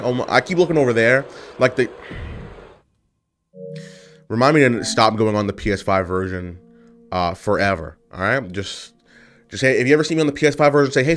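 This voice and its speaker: Lively man trash-talking over gameplay. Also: lowish voice. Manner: playful trash talk, hyped shouting at the game. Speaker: gaming YouTuber. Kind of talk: casual gameplay commentary.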